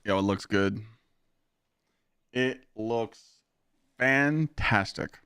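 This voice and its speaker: A man's voice: lowish voice, extremely slow, sharp tone, clean tone, no echo, clean studio sound. A man live-streaming games, chatting casually with his viewers, ranting with lots of swearing and frequent laughter. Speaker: gaming streamer.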